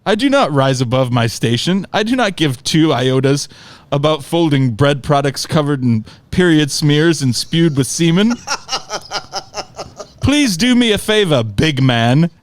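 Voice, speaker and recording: A man's voice: a little high, animated, a little slow. A man voicing his pompous uncle from London, in a haughty mock-formal put-on London accent. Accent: London English, put on. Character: pompous posh older Englishman, uncle.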